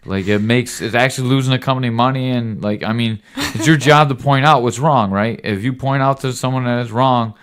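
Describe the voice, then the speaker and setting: A man's voice: medium pitch, a little fast, few pauses, a bit bright, clear, resonant tone. A man, a podcast host, giving his son a rambling, earnest fatherly lecture in casual talk, often checking in with "right?". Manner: lecturing, occasional cussing.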